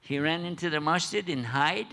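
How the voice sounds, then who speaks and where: A man's voice: fairly high pitch, normal speed, vocal fry. An older man giving a storytelling sermon at a mosque, joking with listeners and acting out the characters in the story. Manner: animated, jokey, acts out characters. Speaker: preacher. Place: mosque hall.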